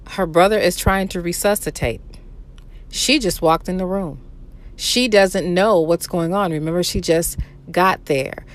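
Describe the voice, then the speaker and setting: A woman giving sarcastic, incredulous reaction commentary on an interview clip, swearing freely. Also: on the low side.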